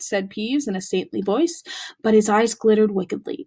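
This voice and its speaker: Recorded at home for a remote class, a woman teacher reads a novel aloud with lively, expressive storytelling. Her voice is mid-range and her pace normal.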